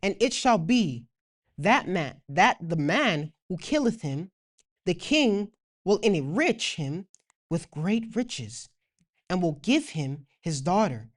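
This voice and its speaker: A woman with a Toronto accent teaches a casual Bible lesson. She reads the old scripture aloud, then retells it in everyday slang. Her voice sits mid-range and moves up and down a lot. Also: medium pitch. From Canada.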